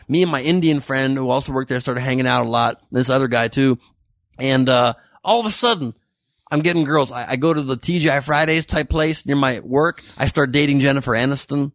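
A man's voice: mid-range voice, a little fast, fairly bright tone, no echo, clean studio sound. A man in casual chat, joking and teasing as a podcast co-host.

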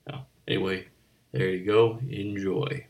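A man hosting a comedy bit as a bartender, rambling in a deadpan way with slips and restarts. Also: fairly low pitch, unhurried, gravelly. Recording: voice a bit distant from the mic.

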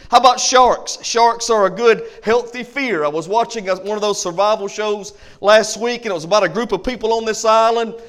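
A man's voice: very high voice, fairly bright tone. A man pastor preaching a sermon with an emphatic, repetitive cadence and rhyming phrases, in a church sanctuary. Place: church sanctuary, also streamed online.

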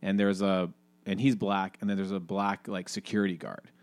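A man talks in a loose, rambling way, his voice sitting low. He restarts sentences and leans on fillers as he chats with a co-host. The sound is close and dry. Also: level tone, moderate pace, darkish tone, no room sound. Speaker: podcast co-host. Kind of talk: casual conversation, reading aloud from a book.

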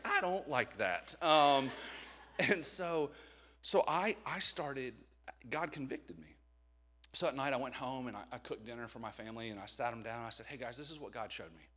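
A man in his thirties preaching a sermon, telling personal stories with sudden loud emphasis and quiet asides. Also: mid-range voice. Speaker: pastor.

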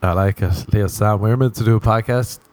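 Low-voiced rambling man podcasting solo. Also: moderate pace, darkish tone. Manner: rambling, joking, swears often, laughs at himself. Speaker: podcast host. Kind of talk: casual solo podcast monologue.

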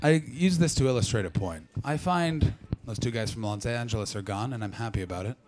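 A man's voice: medium pitch, fairly quick, a little mellow, soft background music. A man from Canada doing stand-up crowd work, brash and profane as he teases the audience. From Ottawa Valley, Canada. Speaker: stand-up comedian.

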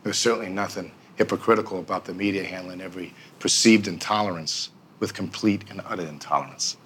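A man's voice: low voice, quick pace, fairly bright tone, slight background noise. An actor playing a dry, cynical male cop. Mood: sardonic. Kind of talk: film dialogue.

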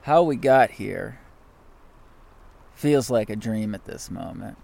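A man co-hosting a trip podcast outdoors, telling stories excitably and laughing often. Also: on the low side, slow, creaky. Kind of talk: casual chat on a canoe trip.

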